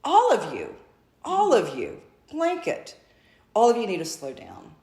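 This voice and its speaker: Woman spiritual channel: effusive and repetitive, with a swooping, expressive pitch, recorded in an echoey room. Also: measured pace. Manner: speaks as a collective "we", repetitive and effusive.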